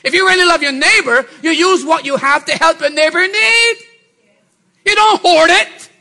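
Man, middle-aged pastor, high bright voice, animated preaching, shouts and murmurs. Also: moderate pace. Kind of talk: sermon.

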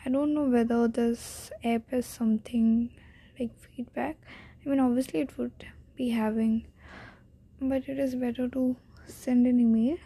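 A woman's voice: a little high, steady tone, a little slow, mellow, slightly rough. A teenage girl with an Indian accent hosting her own podcast, talking shyly and self-deprecatingly, rambling with many restarts. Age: teens. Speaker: podcast host. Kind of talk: casual solo podcast monologue.

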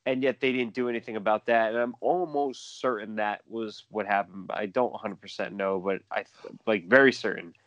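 A man co-hosting a casual sports podcast, talking excitedly, repeating himself and mimicking players. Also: lowish voice, moderate pace, no echo. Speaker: podcast co-host.

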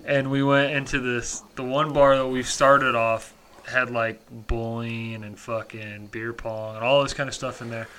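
A man's voice: medium pitch, flat delivery, a little slow, fairly bright tone, clear, resonant tone. A man on a casual podcast, telling a story full of swearing and acting out what people said. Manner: profane storytelling, acts out quoted dialogue. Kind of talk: casual chat.

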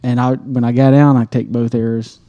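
A man's voice: medium pitch, little pitch movement, normal speed, warm tone, muffled recording. A man on a podcast, telling a hunting story casually, swearing and acting out his own reactions. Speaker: podcast co-host.

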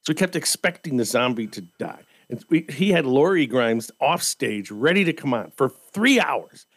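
Lively storytelling man in mid pitch. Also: moderate pace, husky. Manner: lively anecdotal storyteller, laughs often. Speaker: podcast co-host. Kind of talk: casual chat.

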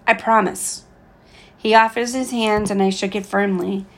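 A woman reading a first-person audiobook in a calm, steady way. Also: medium pitch, moderate pace. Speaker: audiobook reader.

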